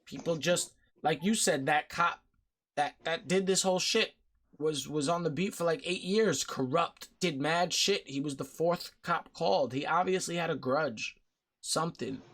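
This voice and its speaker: A man's voice: on the high side, normal speed, a bit bright. A man hosting a podcast discussion, talking bluntly and heatedly, with frequent swearing. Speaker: podcast host. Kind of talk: casual discussion.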